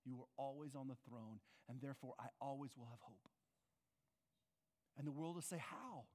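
A man's voice: mid-range voice, normal speed, a little mellow. A man preaching a sermon as pastor, earnest and conversational, often asking his listeners questions. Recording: long reverb of a large hall.

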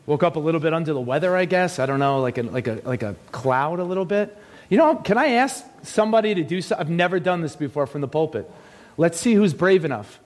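Pendeta pria bersuara tinggi, bercanda di mimbar. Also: male voice, on the high side, lively intonation, fast talker, a little mellow, in a large hall. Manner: joking, chatty, teasing the congregation. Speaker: pastor. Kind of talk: sermon. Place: church sanctuary. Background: congregation.

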